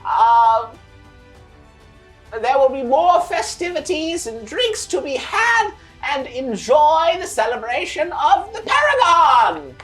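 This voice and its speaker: A woman voicing an excitable male tournament announcer who shouts and draws out his words. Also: high voice, takes it slowly, soft background music, pitched above the performer's own voice, heavily acted. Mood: grandiose. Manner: shouting, drawn out.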